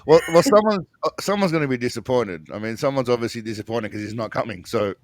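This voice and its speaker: A man's voice: medium pitch, expressive, fast talker, a crowd in the background. Joking man cohosting a movie riff. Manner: joking, dry asides. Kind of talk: casual banter.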